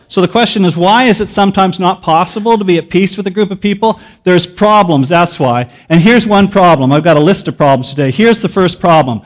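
Joking pastor with a high voice. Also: male voice, moderate pace, few pauses. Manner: casual and joking, teacherly. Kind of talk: sermon. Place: church sanctuary.

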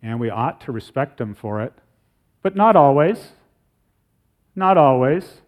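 A middle-aged man preaching to his congregation in an earnest, conversational sermon. He slows right down when he reads scripture aloud. His pitch sits in an ordinary middle range. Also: animated, phone-quality sound. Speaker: pastor.

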